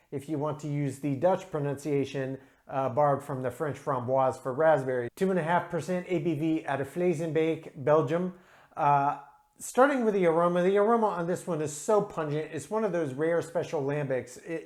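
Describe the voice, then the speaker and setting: A man's voice: on the high side, darkish tone. Male beer reviewer, enthusiastic, talks through tasting notes with plenty of ums. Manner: enthusiastic, descriptive, frequent um and uh. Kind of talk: casual solo review.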